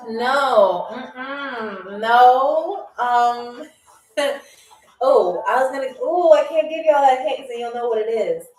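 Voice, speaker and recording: A playful woman hosts a live trivia game for her viewers. Her voice sits a little high and she speaks at an unhurried pace. She is heard from a distance in an echoey room, with faint music behind her. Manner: chatty, playful, repeats foreign words slowly for viewers. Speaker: game show host.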